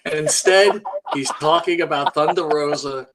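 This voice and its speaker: A man's voice: on the high side, normal speed, over a noisy crowd. A man co-hosting and producing a casual wrestling talk show, teasing his partner and reading viewer comments. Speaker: co-host and producer.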